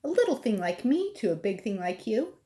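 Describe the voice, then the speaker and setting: A woman's voice: mid-range voice, very animated, fairly quick, mellow, lightly acted. A woman voicing a cheeky little male gray mouse who teases in bouncy rhymes. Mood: teasing.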